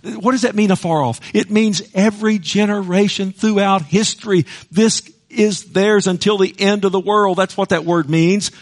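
A middle-aged man preaching a passionate sermon, swinging between hushed, intimate moments and loud, rousing ones. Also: high-pitched, fairly even intonation, normal speed, few pauses. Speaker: pastor.

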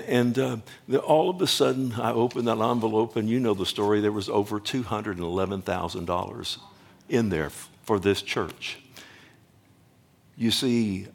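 A middle-aged man preaching a sermon as a pastor, talking loosely with restarts, often checking with the congregation, and building up louder and higher as he goes. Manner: rambling, repeats himself, asks the congregation "amen?".

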